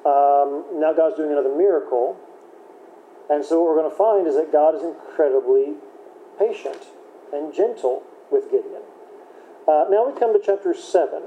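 A man's voice: fairly high pitch, normal speed, narrow, tinny audio. A man leading a Bible study class, talking casually and chatty, correcting himself now and then. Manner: conversational, chatty, self-correcting with light laughs. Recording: echoey room with faint background noise.

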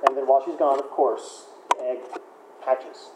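A man's voice: medium pitch, brisk, noisy background. Man preaching in an echoey hall. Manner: conversational preaching with repeated words and fillers. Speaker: pastor. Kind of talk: sermon.

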